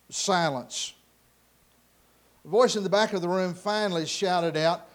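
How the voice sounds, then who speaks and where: High-voiced man telling a story dramatically. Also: unhurried. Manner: wide swings between loud and hushed.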